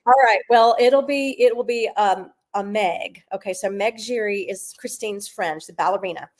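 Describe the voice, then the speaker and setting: A middle-aged woman from South Carolina, a Broadway singer chatting as a guest and telling stories with lively, half-sung bits. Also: medium pitch, moderate pace. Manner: animated storyteller, sings snatches of lines. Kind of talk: casual interview chat.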